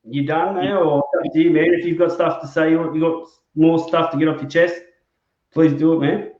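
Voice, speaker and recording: A man's voice: fairly high pitch, fairly even intonation, fairly quick, darkish tone. A man hosting a casual chat show, speaking in a hesitant way full of fillers. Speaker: host. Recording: roomy, dull lo-fi sound.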